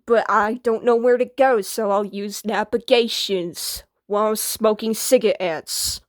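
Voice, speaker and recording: A woman's voice: mid-range voice, fairly even intonation, a little slow, dry recording, natural voice. A woman voicing an anxious female washing machine that worries about repairs and mispronounces words. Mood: playful.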